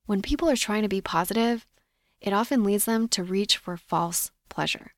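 A woman hosting a solo podcast, talking in a measured, reflective coaching tone. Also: mid-range voice, no echo, studio quality. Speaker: podcast host.

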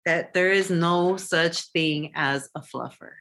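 Slow, bright-voiced woman guest. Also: on the low side. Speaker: podcast guest. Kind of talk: casual chat.

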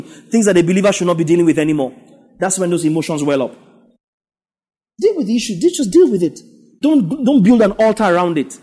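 A man's voice: high-pitched, a little mellow, husky. A man, preaching a sermon as pastor, repeating his points and checking in with the congregation. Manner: emphatic, repetitive exhortation with frequent "yeah?" to the congregation.

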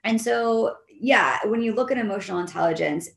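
Gravelly-voiced woman coach, echoey room. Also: medium pitch, moderate pace. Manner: animated, acts out quoted voices of employees and leaders. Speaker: leadership coach and behavior analyst. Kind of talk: interview guest explaining her method.

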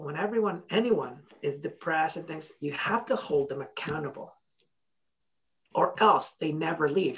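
Telling stories on a podcast, a motivational speaker is blunt and animated, casually cursing and acting out both sides of past conversations. The pitch is medium.

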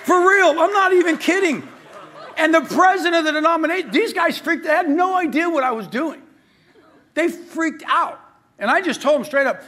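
Male pastor, middle-aged, very high and bright voice, animated sermon storyteller who acts out dialogue. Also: a little fast.

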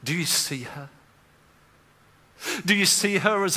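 Preacher in a reverberant hall. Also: male voice, high-pitched, animated, slow, long pauses. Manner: builds from quiet storytelling to loud, impassioned preaching. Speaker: pastor. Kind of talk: sermon. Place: church auditorium. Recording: long reverb of a large hall.

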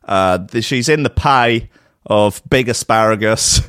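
A man's voice: fairly low pitch, unhurried, a bit bright, clean tone, no room sound, studio quality. Sarcastic British man riffing. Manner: sarcastic, rambling, full of fillers. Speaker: podcast host. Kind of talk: comic monologue.

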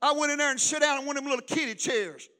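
A middle-aged pastor preaches with a very high, bright, forceful voice. He swings between loud shouting and quiet storytelling. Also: racing, big-room sound. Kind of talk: sermon.

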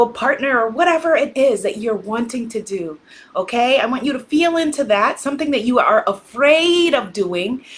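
A woman coaching a live tapping session, calmly guiding listeners and leading phrases for them to repeat, quiet and slow during the tapping rounds. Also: sits high. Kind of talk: guided tapping exercise on a live stream.

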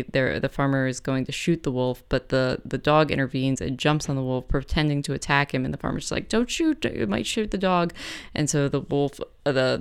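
Smooth-voiced woman host telling a folk tale. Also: extremely low pitch. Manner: chatty, relaxed, with fillers and self-corrections. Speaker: host of a music program. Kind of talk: casual storytelling between music.

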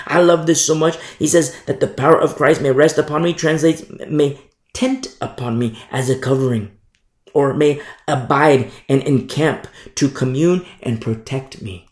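A man's voice: fairly high pitch, moderate pace, reverberant. A man preaching a sermon in an emphatic way, repeating scripture lines for stress.

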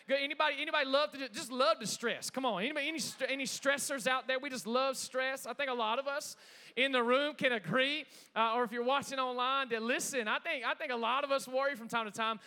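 A man preaching to a church congregation, lively and chatty, often calling on the room to respond. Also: very high voice, clear, resonant tone. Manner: energetic, engages congregation with call-outs. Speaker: pastor. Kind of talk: sermon.

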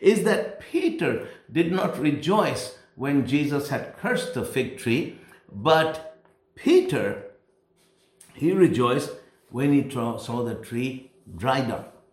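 A man's voice: medium pitch, lively intonation. Guy preaching a sermon, hammers his points with repetition, roomy echo. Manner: emphatic, repeats key phrases, slows for stress. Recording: echoey room.

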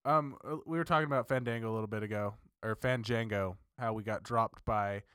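A man with a somewhat low voice co-hosts a casual podcast, pressing his points emphatically and swearing freely. His talk is argumentative but relaxed among friends. The recording is dry, with no room sound. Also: a little fast, clear, resonant tone, no echo. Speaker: podcast co-host. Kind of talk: casual chat.

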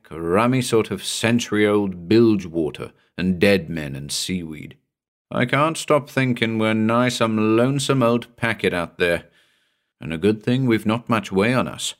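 A gruff, middle-aged ship's mate with a blunt seaman's way of talking, as a male reader plays him. His voice sits low, and he sounds curt and impatient.

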